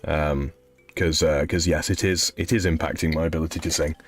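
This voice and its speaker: A man's voice: very deep voice, fairly even intonation, brisk. A man in his thirties streaming a game, casually rambling as he reads chat messages aloud and answers them. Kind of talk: casual live-stream chat while gaming.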